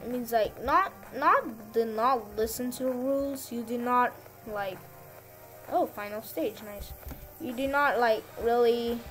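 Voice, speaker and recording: A woman with a high, bright-pitched voice talks slowly through casual gameplay commentary. She rambles and repeats herself as she lectures her viewers. Faint game music plays underneath. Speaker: gaming channel host.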